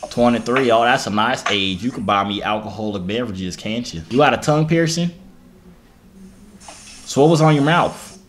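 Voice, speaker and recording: A man's voice: medium pitch, animated, normal speed, pitched above the performer's own voice, close to an everyday voice. A young man putting on a thick country drawl, firing off clumsy, over-eager pickup lines. He is hamming it up on a video chat app. There is a faint hiss under the voice. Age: 20s. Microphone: video chat through the phone.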